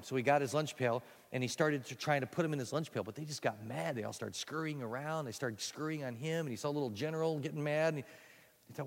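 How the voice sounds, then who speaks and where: A man preaching through a folksy, animated story, his voice at a middling pitch. The room carries a long echo like a large church hall. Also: fast, vocal fry. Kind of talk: sermon storytelling. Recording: echoey hall.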